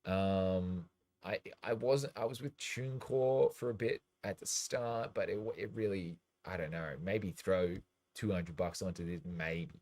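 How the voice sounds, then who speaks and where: Man, lowish voice, casual livestream chat, rambling, loose, swears casually. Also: unhurried, darkish tone. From Australia. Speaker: DJ and livestream host.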